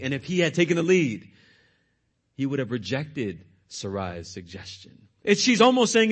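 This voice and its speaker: A male pastor preaching a sermon, retelling scripture expressively. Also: mid-range voice.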